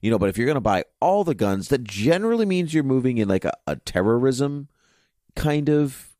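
A man's voice: medium pitch, big pitch swings, a little fast, warm tone, no room sound, studio quality. A man co-hosting a podcast in a casual chat, rambling and leaning heavily on "you know" as he thinks aloud. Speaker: podcast co-host.

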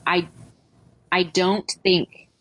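A woman's voice: fairly low pitch, level tone, drawn-out words, breathy edge, dull audio. A woman being interviewed, talking casually and animatedly with self-deprecating asides. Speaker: interview guest.

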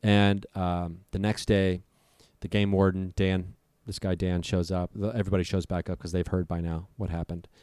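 A man's voice: low voice, level tone, moderate pace, a little mellow, clear, resonant tone, dry recording. A young man telling a frightening story in casual conversation, vivid and profane, acting out what people said. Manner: vivid, profane, acts out voices. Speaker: storyteller guest.

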